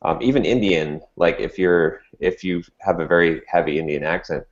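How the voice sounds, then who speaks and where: A man's voice: low voice, normal speed. A man co-hosting a casual podcast, giving his opinions with lots of fillers and restarts. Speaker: podcast co-host. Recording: dull lo-fi audio.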